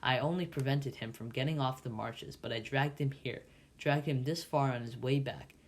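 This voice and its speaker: A man's voice: mid-range voice, moderate pace, natural voice. A man reading a fierce, scornful escaped convict. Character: desperate defiant escaped male convict, rough-spoken.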